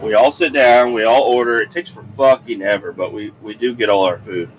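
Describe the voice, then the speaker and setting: In this muffled recording, a middle-aged podcast host swears his way through a rambling, exasperated anecdote from behind the wheel of a moving car. His pitch is fairly low, he speaks fairly quickly, and faint vehicle noise can be heard.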